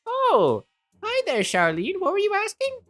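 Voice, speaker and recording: A woman's voice: very high voice, huge pitch swings, unhurried, pitched above the performer's own voice, exaggerated voice. A woman voicing a forgetful, sweet old woman at her birthday party, rambling and calling people sweetheart. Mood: muddled.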